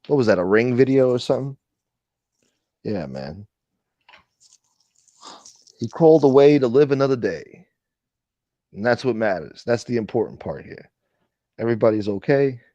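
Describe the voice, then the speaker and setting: A man's voice: medium pitch, lively intonation, normal speed, pauses often, mellow, no echo, lo-fi sound. A man hosting a casual late-night livestream chat, rambling and swearing as he reads and answers viewer comments. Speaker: livestream host.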